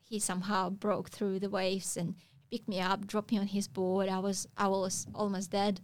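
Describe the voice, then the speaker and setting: A woman's voice: medium pitch, flat delivery, no room sound. Woman telling a story. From Russia. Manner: halting non-native phrasing with frequent pauses. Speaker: guest. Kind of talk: casual storytelling interview.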